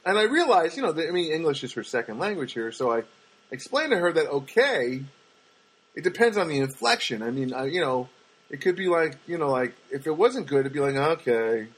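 Poor audio carries a man's husky, slightly high voice, very animated and a little fast. He hosts a podcast in Los Angeles, spinning rambling stories in a relaxed monologue and performing the voices of the people in them.

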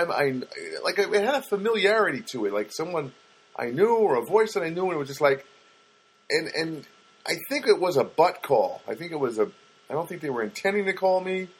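A man's voice: fairly high pitch, breathy edge. A middle-aged man hosting a podcast, talking in a rambling, wry, self-mocking comic monologue. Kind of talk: casual comedic monologue.

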